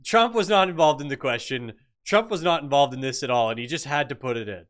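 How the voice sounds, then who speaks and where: Guy doing heated political reaction commentary, bright sharp voice, blunt. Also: medium pitch, fast, a little hiss or hum. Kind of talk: reaction commentary on news clips.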